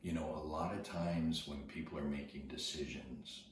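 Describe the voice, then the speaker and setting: A man telling a personal story to his viewers in an earnest, casual way, often dropping to a hushed near-whisper and repeating words as he goes. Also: rumbling low, steady tone, normal speed. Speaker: video host. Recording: very echoey, distant from the mic, noisy ambience.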